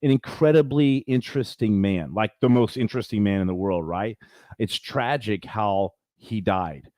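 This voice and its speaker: Brief: male guest storyteller, low voice, dry close sound, animated and rambling. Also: moderate pace, no echo. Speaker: podcast guest. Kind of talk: casual interview. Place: his home.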